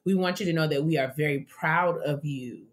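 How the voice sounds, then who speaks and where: A woman with a low, brisk voice co-hosts a casual podcast, reading letters from listeners and cheering them on. She drops in warm, affirming interjections and slips into playful put-on voices.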